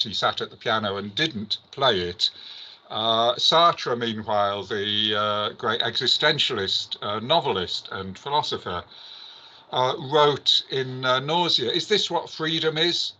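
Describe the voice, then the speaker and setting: A man speaking at an academic conference, hesitant and pausing often on filler sounds. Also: medium pitch, sharp tone, lo-fi sound. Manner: hesitant, many filler pauses.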